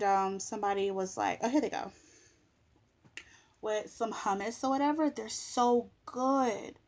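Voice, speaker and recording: Blunt, sassy young woman ranting. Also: mid-range voice. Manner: blunt, sassy and exasperated, swears freely. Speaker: vlogger. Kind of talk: casual vlog rant.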